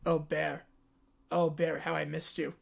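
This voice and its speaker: A man impersonating a boastful older male politician with slow, repetitive bragging and drawn-out superlatives. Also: a little high, flat delivery, vocal fry, breathy edge, pitched below the performer's own voice, full character voice. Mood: sympathetic.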